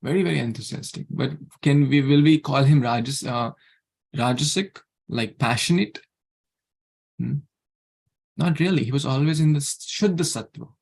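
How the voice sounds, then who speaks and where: Man, gravelly voice, mid-pitched, earnest class leader, repeats himself, online scripture talk. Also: normal speed, darkish tone. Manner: earnest, repeats key words, chuckles.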